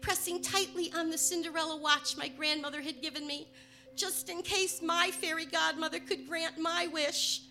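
A woman from Chicago telling a personal story, partly in rhyming verse, moving between hushed and emphatic delivery. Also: very high voice, fairly even intonation, normal speed, faint music behind. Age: adult.

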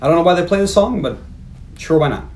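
A man's voice: fairly high pitch, animated, fast talker, noisy background. Laughing man recapping a movie. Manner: recaps the plot with jokey put-on quotes and frequent laughs. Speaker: podcast host. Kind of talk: casual movie recap chat.

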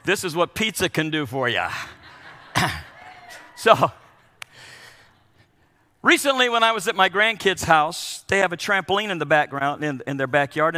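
An older man, a pastor and grandfather, preaching a sermon in an animated way, acting out voices of children and others. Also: high voice, long reverb tail.

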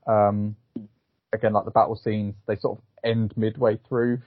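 A man's voice: fairly low pitch, level tone, normal speed, no echo. Man reviewing films over a tinny line. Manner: rambling, filler-heavy, hesitant. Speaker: film podcast co-host. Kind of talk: casual film review chat. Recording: phone-like thin sound, dry.

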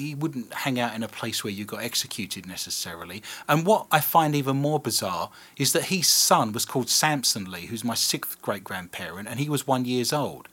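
A man's voice: medium pitch, husky. A British man hosting a casual radio chat, telling stories with self-mocking humour. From Britain. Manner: animated, self-mocking storyteller. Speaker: podcast host.

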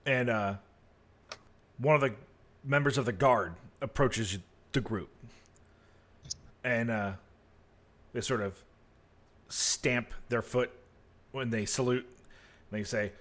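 A man narrating a tabletop game as game master, in a relaxed, easygoing way. His voice sits in a middle pitch, with casual, self-deprecating asides. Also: slow, long pauses.

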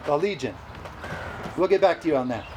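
Brief: a high-pitched male preacher, lively and laughing, at a church service. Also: a little fast, background noise. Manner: animated, exclamatory, laughs often. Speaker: pastor. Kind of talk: sermon.

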